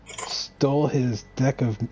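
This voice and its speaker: A man's voice: mid-range voice, takes it slowly, darkish tone, a little hiss or hum. A tired young man chatting casually with his tabletop group, wry and self-deprecating. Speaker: tabletop player. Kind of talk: casual chat among tabletop players.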